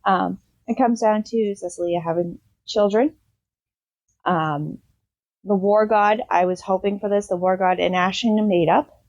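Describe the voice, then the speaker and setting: A woman's voice: medium pitch, unhurried, no room sound, rough recording. Chatty woman reviewing a book. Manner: rambling, full of "um" and "like", animated retelling. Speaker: book review podcast host. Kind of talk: casual book review chat.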